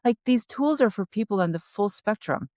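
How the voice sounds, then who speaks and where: A middle-aged woman co-hosting a podcast discussion, speaking in a gentle, caring and practical way. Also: medium pitch, animated, normal speed, no echo, clean studio sound. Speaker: podcast co-host. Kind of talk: casual panel discussion.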